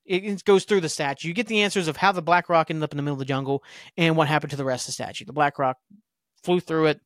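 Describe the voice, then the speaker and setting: A man's voice: fairly high pitch, fairly bright tone, no room sound, clean studio sound. A young man hosting a podcast, casually recapping a TV episode with rambling, offhand asides. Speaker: podcast host.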